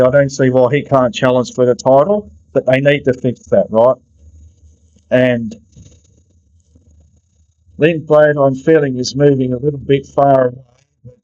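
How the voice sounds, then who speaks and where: A man's voice: medium pitch, darkish tone, dull audio. A man giving a casual, opinionated motorsport analysis, thinking aloud in a conversational way. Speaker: motorsport fan commentator. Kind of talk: casual sports analysis monologue.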